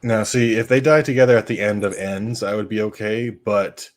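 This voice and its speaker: A man hosting a casual watch party chat, talking loosely and swearing freely. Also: on the low side. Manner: casual, swears, talks fast when excited. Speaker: host.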